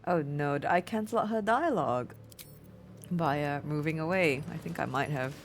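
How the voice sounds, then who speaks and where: A woman casually commentating a video game, chatty, excitable and often apologetic. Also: deep voice, moderate pace, a little hiss or hum. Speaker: let's play streamer.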